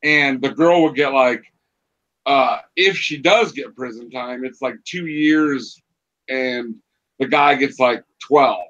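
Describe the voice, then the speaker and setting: A man's voice: mid-range voice, takes it slowly, fairly bright tone, lo-fi sound. A man hosting a casual podcast chat, telling loose, profane stories with lots of fillers. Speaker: podcast host.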